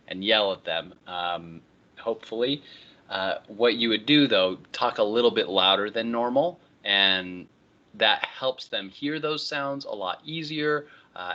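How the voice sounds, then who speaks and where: Bright-voiced male instructor, lo-fi. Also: lowish voice. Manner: relaxed, conversational, frequent "all right, so" transitions. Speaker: college instructor. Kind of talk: online lecture. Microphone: computer microphone.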